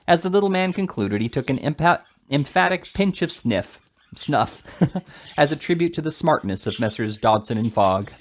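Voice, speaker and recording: A man reading a classic novel aloud in a steady, plain narration. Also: fairly high pitch, moderate pace, slight background noise. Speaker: reader.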